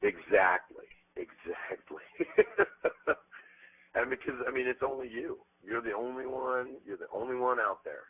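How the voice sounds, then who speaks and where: A man in his thirties being interviewed, telling stories bluntly with plenty of profanity and animated energy. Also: mid-range voice, moderate pace, breathy edge, poor audio. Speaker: interviewed musician. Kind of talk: candid interview talk.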